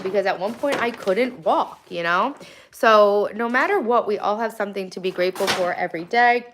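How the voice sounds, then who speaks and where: A woman in her thirties from Long Island with a softened Long Island accent, chatting casually on a livestream while reading and answering viewer comments, with frequent ums and restarts. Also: medium pitch. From Long Island, New York. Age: 30s. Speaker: livestream host. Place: home studio.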